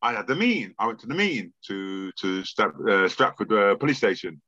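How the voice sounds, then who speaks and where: A man's voice: on the low side, animated, a little fast, sharp tone, no room sound, highs cut off. A man, a music promoter telling stories in a casual podcast interview, rambling and repeating words, swearing freely.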